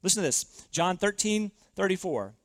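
A man with a high-pitched voice preaches a sermon, leaning hard on key words and slowing down to stress them. He keeps asking the listeners questions. The sound is close and dry, with no room echo. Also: very animated. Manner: preaching with emphatic slowed stresses and rhetorical questions. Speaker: pastor.

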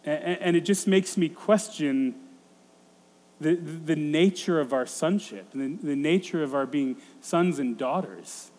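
A man in his thirties preaching a sermon, thinking aloud in a halting way with frequent restarts. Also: a little high, a little mellow. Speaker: pastor. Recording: long hall reverb.

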